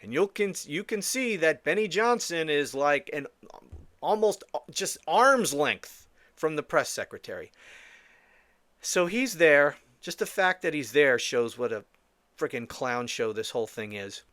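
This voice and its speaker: Scornful, animated male podcast host. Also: on the high side, a little slow, no echo. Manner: blunt, scornful and profane; rambling with frequent restarts. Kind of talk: solo political commentary.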